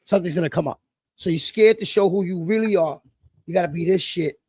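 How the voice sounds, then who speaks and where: A middle-aged man, talking fast and loose in casual chat, swearing freely and acting out stories. His voice sits high and gravelly. The sound is dry and close. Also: dry recording. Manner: blunt, profane, animated storytelling. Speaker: livestream host.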